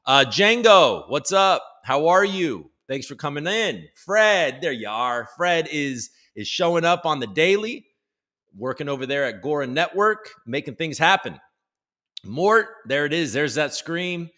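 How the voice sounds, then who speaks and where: A man's voice: a little high, very animated, a little slow, sharp tone. A man from the United States hosting a casual live stream from home, joking loosely and greeting chat viewers by name. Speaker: livestream host.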